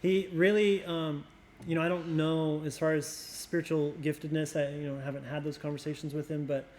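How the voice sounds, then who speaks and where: A middle-aged man from Oregon, a youth pastor, telling family stories in a casual conversation, reflective and a little halting, often repeating words. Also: fairly high pitch, little pitch movement, a little mellow, slight background noise.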